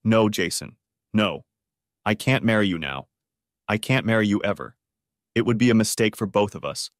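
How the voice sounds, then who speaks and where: A man's voice: fairly low pitch, lively intonation, moderate pace, no room sound, studio quality, close to an everyday voice. A man voicing a distressed young bride who stammers through tears in an audiobook story. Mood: anguished.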